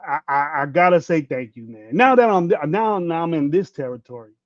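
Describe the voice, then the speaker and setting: A man's voice: fairly high pitch, animated, a little fast, dry recording. A man in his fifties hosting a sports podcast, ranting bluntly with plenty of profanity and rambling restarts. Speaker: podcast host. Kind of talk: casual livestream rant. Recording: dull dry lo-fi mic.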